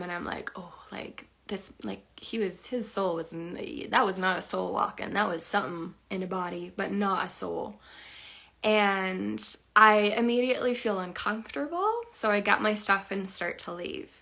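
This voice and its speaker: A woman's voice: mid-range voice, gravelly, fairly bright tone. A young woman sharing a personal story in a chatty, emotional way, full of fillers. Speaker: spiritual teacher.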